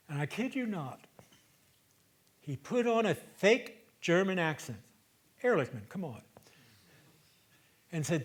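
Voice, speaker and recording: A man in his seventies performing a theatrical storytelling monologue on a stage, conversational, moving between loud emphasis and hushed asides. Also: on the high side, very animated, a little slow, long pauses. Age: 70s.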